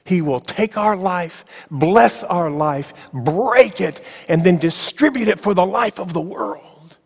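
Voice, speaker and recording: Male pastor, sermon in a church sanctuary; higher voice, emphatic and slow on key lines, wry asides, long reverb. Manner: emphatic, slowing on key phrases, with ironic asides.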